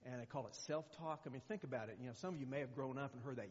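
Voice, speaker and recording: A man's voice: mid-range voice, lively intonation, fast, hardly any pauses. An older man giving a sermon in a loose, chatty way, often stumbling and restarting. His voice rings with a long echo through a church hall, and the recording sounds somewhat muffled. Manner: conversational, rambling with many fillers and restarts. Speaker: guest preacher.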